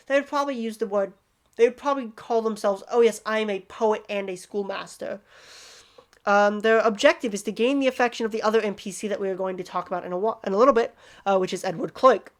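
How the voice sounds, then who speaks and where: A woman casually explaining tabletop game character tips in a rambling, self-deprecating way. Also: a little high.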